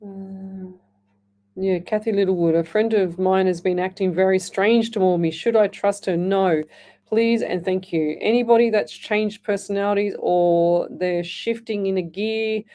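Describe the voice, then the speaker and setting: Rambling, mellow-voiced Australian woman on radio. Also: mid-range voice, steady tone, measured pace. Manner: chatty and rambling, with many restarts, calls listeners "lovey". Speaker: psychic medium radio host. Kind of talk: live radio call-in show, reading listener messages.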